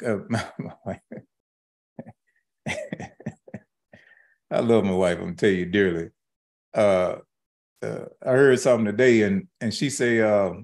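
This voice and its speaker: A middle-aged man preaching a sermon in a folksy, animated way, acting out quoted asides. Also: lowish voice, measured pace, pauses often. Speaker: pastor.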